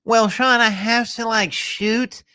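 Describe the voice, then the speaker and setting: A man putting on the voice of a whiny, self-pitying young video creator who complains in a drawn-out way. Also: very high voice, fairly even intonation, bright, forceful tone, smooth, voice pushed up, exaggerated voice.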